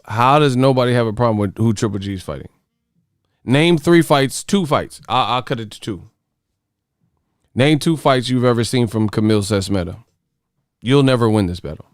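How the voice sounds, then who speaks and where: A man's voice: medium pitch, expressive, moderate pace, smooth, no room sound, studio quality. A man hosting a casual boxing livestream, ranting profanely and firing off rhetorical questions. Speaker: boxing YouTuber host.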